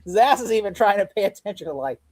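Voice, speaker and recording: A man's voice: high voice, lively intonation, quick pace, no room sound. Podcast co-host, male, laughs and curses while retelling scenes, dry close mic. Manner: laughing, swearing, acting out scene lines. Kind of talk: casual chat.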